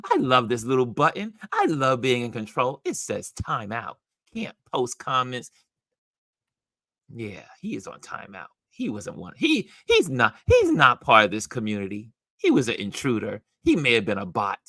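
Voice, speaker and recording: Reacting animatedly to what viewers post, a man hosting a laid-back livestream laughs frequently and speaks with emphasis, his pitch swinging widely. His tone is bright and forceful at a moderate pace, and the sound is close and dry, with no echo.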